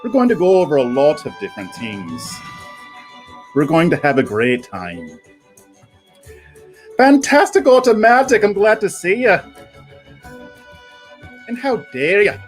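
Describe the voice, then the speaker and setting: Hammy put-on Irish jokester, a man doing it, raised pitch, playful. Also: huge pitch swings, measured pace, pauses often, faint music behind, exaggerated voice, poor audio. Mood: jovial. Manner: exaggerated, teasing, greets viewers by name. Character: jolly mock-Irish man, hammy and festive. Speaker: livestream host.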